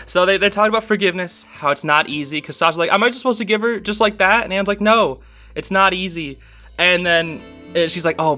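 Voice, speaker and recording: An excited young man talks through a cartoon episode in a loose, casual review, gushing and repeating his praise. His voice sits high and bright. Faint music plays underneath. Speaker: video reviewer.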